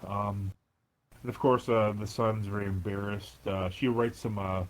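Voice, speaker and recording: A man co-hosting a podcast, chatting in an animated, rambling way full of fillers. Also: on the low side, a little slow, low-quality recording. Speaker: podcast co-host. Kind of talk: casual chat recapping a TV episode.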